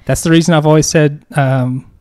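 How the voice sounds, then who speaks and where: A man's voice: a little high, fairly even intonation, moderate pace, darkish tone, dry recording, clean studio sound. A man co-hosting a podcast, answering trivia in a confident, joking, chatty way with plenty of fillers. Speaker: podcast co-host. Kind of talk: casual podcast chat.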